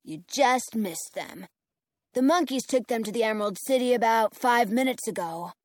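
A woman doing a deadpan little castle guard. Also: fairly high pitch, moderate pace, no room sound, clean studio sound, natural voice. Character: gatekeeping male castle guard, literal-minded.

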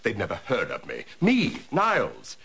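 A man's voice: fairly low pitch, huge pitch swings, moderate pace, creaky, fairly bright tone, breathy edge, exaggerated voice. A man playing a dry, wry, put-upon sidekick in a sitcom. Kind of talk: sitcom acting. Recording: noisy TV audio.

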